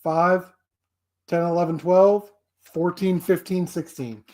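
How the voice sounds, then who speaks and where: A man's voice: sits high, steady tone, takes it slowly, a little mellow. A man hosting a casual live stream, rambling and laughing often. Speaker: streamer host.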